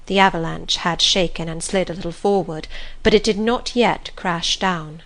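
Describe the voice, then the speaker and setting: A woman narrating a classic novel in a calm, gentle manner. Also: lowish voice, moderate pace. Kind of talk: scripted audiobook narration.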